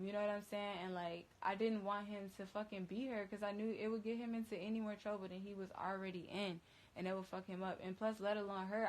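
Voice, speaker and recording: A woman's voice: medium pitch, poor audio. Woman, DJ, phone livestream, casual storytelling, rambling, slangy, profane.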